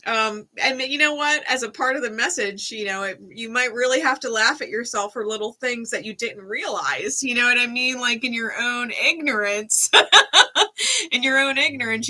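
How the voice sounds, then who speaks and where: Woman, tarot reader on a live stream, bright voice, casual and chatty, laughs easily. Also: on the high side. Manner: casual, chatty, laughs often, frequent "right?". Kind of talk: live-stream reading and chat.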